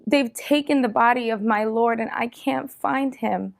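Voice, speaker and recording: A woman's voice: on the high side, measured pace, vocal fry, pitched above the performer's own voice. A woman voicing a grieving, distraught young woman in a Bible story, pleading in a raised, tearful voice.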